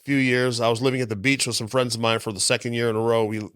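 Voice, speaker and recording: A man's voice: medium pitch, flat delivery, quick pace, fairly bright tone, smooth, dry recording, studio quality. A man in his fifties, a comedian telling rambling stories as a podcast guest, chuckling between them. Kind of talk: casual interview storytelling.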